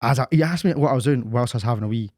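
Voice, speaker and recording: A young man co-hosting a podcast, telling rambling, animated stories full of "I was like". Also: medium pitch, racing, no room sound, clean studio sound. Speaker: podcast co-host. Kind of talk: casual chat, storytelling.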